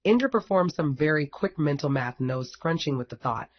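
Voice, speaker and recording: A man's voice: fairly high pitch, expressive, normal speed, hardly any pauses. A man reading a fan fiction story aloud in a wry, casual storytelling manner. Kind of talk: audiobook narration. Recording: dull lo-fi recording.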